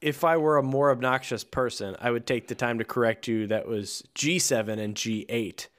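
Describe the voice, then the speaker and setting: A man co-hosting a casual podcast, reading a book aloud and joking with a dry, deadpan manner. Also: medium pitch, normal speed. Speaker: podcast co-host.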